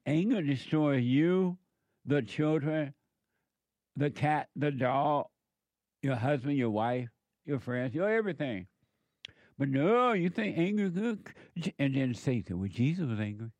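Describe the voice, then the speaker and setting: A man's voice: on the high side, lively intonation, slow, long pauses, darkish tone, no room sound. Man, preaching monologue, emphatic, repeats himself, rhetorical questions, dry close sound.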